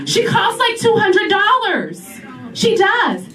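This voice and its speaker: Doing stand-up on a comedy club stage, a brash, sassy woman in her forties calls the crowd "y'all." Her voice is very high-pitched with wildly swooping pitch, slow, and far from the mic, while the audience laughs loudly.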